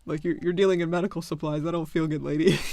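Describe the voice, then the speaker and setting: Chatty man with a higher voice. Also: steady tone, fairly quick, darkish tone. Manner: rambling storytelling, laughs often. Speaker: livestreamer. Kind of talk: casual chat while drawing.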